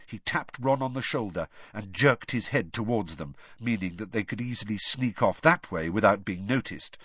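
A man reading a story aloud in a measured, expressive way. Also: lowish voice, husky, no echo. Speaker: audiobook narrator. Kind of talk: storybook narration. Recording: dull lo-fi, dry.

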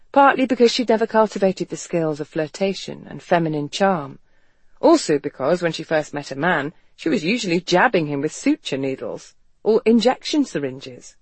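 An audiobook narrator giving an expressive, measured reading of a romance novel. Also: mid-range voice, husky, dry recording. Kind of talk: scripted narration.

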